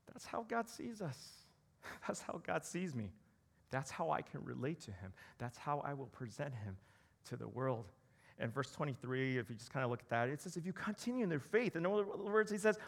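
A man with a high voice preaches a casual, lively sermon. He talks to the congregation like a friend, cracks small jokes and acts out quotes in different voices. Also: normal speed. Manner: animated, conversational preaching with jokes and acted quotes. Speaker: pastor.

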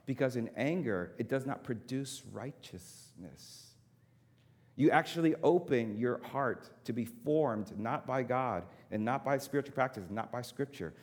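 A male pastor delivers a sermon at a mid pitch in a hall with a long, ringing reverb. He leans on repeated words for emphasis and drops into casual, chatty asides to his listeners. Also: a little slow. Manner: emphatic repetition, conversational asides to congregation.

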